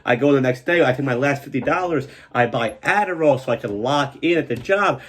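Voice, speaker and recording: A comedian host tells a funny story about a past job, animated and swearing heavily, and acts out what people said in a higher, excited voice. He talks fairly quickly with a breathy edge.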